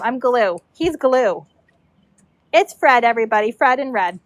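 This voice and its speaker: This horse braider, a woman in her forties, speaks at a measured pace in a fairly high, expressive voice. She's livestreaming from a stall at a horse show barn, casually replying to viewers' comments and cooing over her dog.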